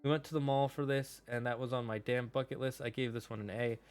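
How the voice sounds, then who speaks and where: A man's voice: medium pitch, steady tone, fast, clear, resonant tone. A young adult man streaming casual tier-list commentary, opinionated and swearing as he rants. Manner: opinionated, swears while ranting.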